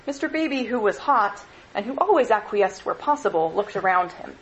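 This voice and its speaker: A woman's voice: mid-range voice, expressive, moderate pace, highs cut off, slight background noise. Woman lecturer reading a novel aloud.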